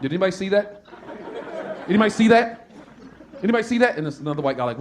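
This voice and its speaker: A man doing stand-up comedy, telling a profane story in an animated way and acting out the people in it. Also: fairly high pitch, very fast, long pauses. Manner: animated, profane, acts out characters. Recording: live stage recording with noisy crowd. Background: audience laughter.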